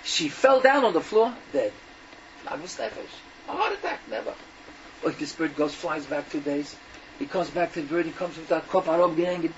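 An older man tells a folk tale in a high voice, sprinkling in Yiddish phrases and restarting mid-sentence. He jumps between characters with lively energy. The recording is dull and lo-fi with faint hiss underneath. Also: normal speed, recorded from a distance. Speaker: storyteller.

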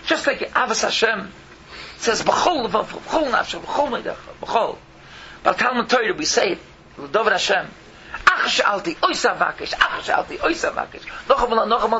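A man preaches with fervor, his high, gravelly voice cutting sharp and bright. He swings from loud bursts to hushed pleading. The recording sounds slightly dull, with a faint hiss underneath. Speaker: rabbi giving a talk. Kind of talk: animated Yiddish-laced sermon.

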